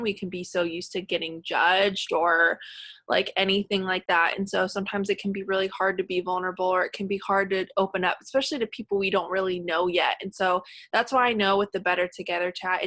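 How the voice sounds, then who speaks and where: A woman leads a supportive group video call in an open, emotional, filler-laden way. Her voice is bright and forward, heard close with no room around it. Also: lowish voice, dry recording. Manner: gushing, filler-heavy, emotional. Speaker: team leader hosting a group call. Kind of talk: casual supportive group chat.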